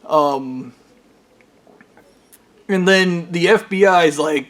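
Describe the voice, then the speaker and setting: A man's voice: a little high, unhurried, pauses often, a bit bright. Rambling, profane man with a raised voice. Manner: profane, rambling, full of fillers and restarts. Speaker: storyteller recounting his own experiences. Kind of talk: rambling casual storytime monologue.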